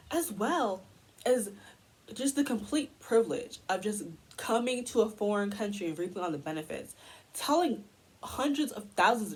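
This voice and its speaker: A woman's voice: medium pitch, slightly rough, poor audio. A young woman from the United States delivering a heated, exasperated commentary rant as a vlogger.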